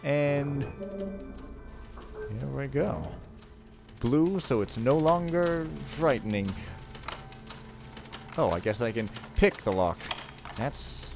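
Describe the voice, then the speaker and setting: A man's voice: medium pitch, expressive, slow, creaky, pauses often, over music. A man giving rambling, jokey, self-mocking commentary while playing through a game. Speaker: let's play host. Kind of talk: casual gameplay commentary.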